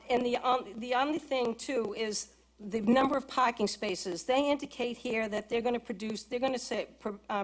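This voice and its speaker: Woman at a council mic, slightly high voice, lots of ums while reading out points. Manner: hesitant, reads from application with many ums. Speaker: resident speaking at public hearing. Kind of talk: public comment at council meeting. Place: council chamber.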